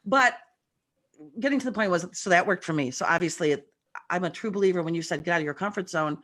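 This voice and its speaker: A woman, a guest medium, telling stories in an animated, chatty way on a video call, her voice a bit rough from the morning. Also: lowish voice, very fast. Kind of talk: casual chat.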